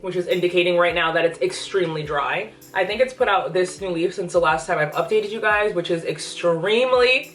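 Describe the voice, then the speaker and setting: A woman's voice: fairly low pitch, fairly quick, few pauses, a bit bright. A young pregnant woman chatting enthusiastically through a casual plant update vlog, a little out of breath. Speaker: plant vlogger. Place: apartment room with plants, indoors. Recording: echoey room, voice from a distance, faint music.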